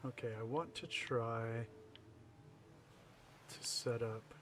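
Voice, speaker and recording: A man's voice: mid-range voice, slow, noisy background. A man livestreaming a building game, chatting casually and wryly teasing his viewers as he plays. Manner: wry, teasing chat, frequent laughs. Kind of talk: casual gameplay chat with viewers.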